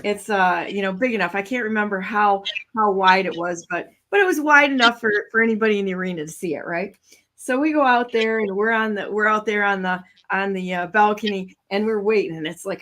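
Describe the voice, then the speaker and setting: A woman hosts a talk show and tells a story in a loose, chatty way. She laughs often and acts out the voices of other people. Her voice sits at an ordinary middle pitch. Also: moderate pace, fairly bright tone. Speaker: show host.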